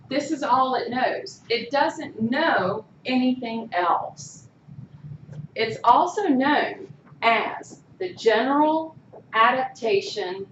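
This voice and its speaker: A woman teacher lectures a class slowly, her slightly high voice rising and falling with lively animation. She keeps checking in with the students and tossing them questions. She is recorded from far off in an echoey room, and the sound is a little muffled. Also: a little hiss or hum. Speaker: college instructor.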